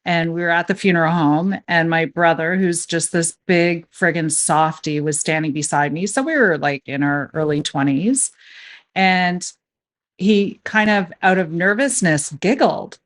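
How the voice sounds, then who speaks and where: Woman host, 30s, low-ish voice, earnest and conversational. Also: measured pace. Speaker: podcast host. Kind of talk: casual podcast chat.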